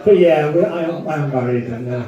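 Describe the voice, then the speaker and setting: A man's voice: on the high side, a little fast, highs cut off, a crowd in the background. A man doing a crude, rambling, self-mocking stand-up set in a comedy club. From Wolverhampton. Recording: echoey room, far from mic.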